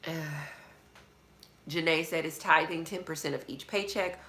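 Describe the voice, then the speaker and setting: A woman's voice: low voice, normal speed, sharp tone, echoey room. A woman hosting a live question-and-answer chat from her studio apartment, reading out viewer questions and answering them candidly. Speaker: budgeting channel host.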